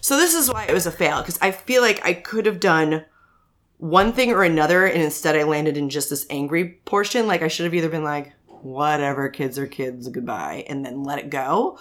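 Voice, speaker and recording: A woman in her thirties with a fairly low voice, co-hosting a casual chat. She tells stories in an animated way, swears freely and acts out other people's lines. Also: brisk. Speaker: podcast co-host.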